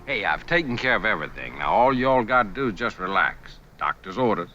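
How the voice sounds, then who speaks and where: A drawling Southern country doctor. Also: male voice, fairly low pitch, big pitch swings, brisk, bright, forceful tone. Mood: drawling, jovial. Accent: Southern US, Georgia. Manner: lazy exaggerated drawl, jovial. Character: spore-blissed folksy country doctor, middle-aged man. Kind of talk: 1960s TV drama acting. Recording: dull old TV soundtrack.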